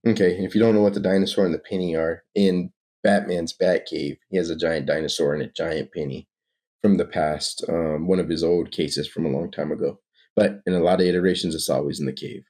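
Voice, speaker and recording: Mellow, low-voiced man, casual comic read-aloud host. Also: fairly quick. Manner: relaxed, conversational asides. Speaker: comic book reader.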